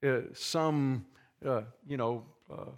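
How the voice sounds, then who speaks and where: A man's voice: mid-range voice, slow, smooth. A man preaching an expository sermon in an earnest, conversational way, often restarting phrases and adding asides.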